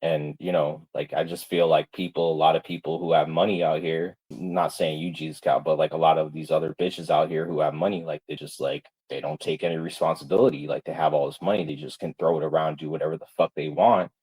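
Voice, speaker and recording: A man's voice: a bass voice, steady tone, a little fast, few pauses, darkish tone, slightly rough, rough recording. A man ranting in casual talk, packed with "like" fillers and swearing, and stressed. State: stressed, subdued. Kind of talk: casual livestream rant.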